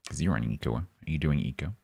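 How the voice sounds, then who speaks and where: A game streamer talks with his chat in a relaxed, joking way. His voice sits very low and has a husky edge. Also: fast. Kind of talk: casual live-stream chat.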